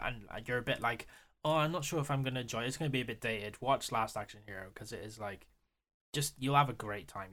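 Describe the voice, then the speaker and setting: A man co-hosting a podcast, excitably retelling film scenes with lots of swearing and laughter. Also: fairly low pitch. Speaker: podcast co-host. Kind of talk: casual chat.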